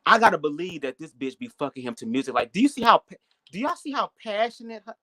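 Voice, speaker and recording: Sassy, bright-voiced male commentator. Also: sits high, big pitch swings, no room sound. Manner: sassy, profane, drawn-out slang delivery. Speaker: commentary youtuber. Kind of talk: casual reaction commentary.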